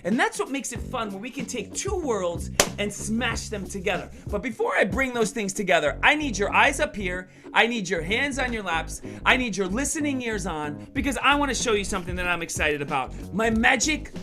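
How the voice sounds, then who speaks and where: A man performing a playful, animated magic show for schoolchildren over a video call, teasing and cheering the kids on. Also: high voice, moderate pace, hardly any pauses, music in the background. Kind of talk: virtual kids' magic show.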